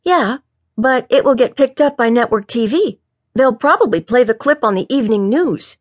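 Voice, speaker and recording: A woman's voice: fairly high pitch, lively intonation, moderate pace, pitched above the performer's own voice. A woman reading an audiobook voices an eager young male police officer who talks in a chipper, teasing way.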